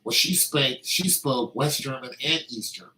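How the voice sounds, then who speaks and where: A man's voice: mid-range voice, moderate pace, sharp tone, rough recording. A man talking in a casual, meandering monologue, telling anecdotes with lots of fillers.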